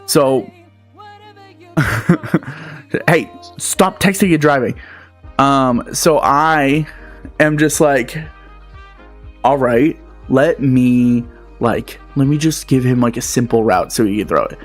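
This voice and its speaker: A man's voice: medium pitch, slow pace, pauses often, soft background music. A young man telling a rambling, exasperated story as a talk show host, full of swearing and filler words. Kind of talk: ranting storytelling.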